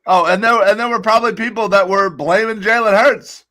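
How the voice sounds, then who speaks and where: A man with a groggy voice co-hosting a casual sports podcast, talking bluntly with profane, animated rants. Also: high-pitched, a little fast. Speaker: podcast co-host.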